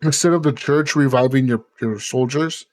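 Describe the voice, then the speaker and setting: A man's voice: mid-range voice, normal speed, a little mellow. Rambling, swearing male podcast host. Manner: rambling, swears, many fillers. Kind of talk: casual chat.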